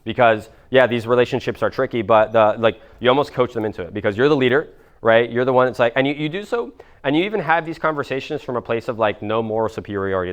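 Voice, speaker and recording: A business coach in his twenties fields audience questions in a live Q&A, talking fast and expressively in a medium-pitched voice. He's casual, full of fillers and swearing, and acts out other people's voices when quoting dialogue.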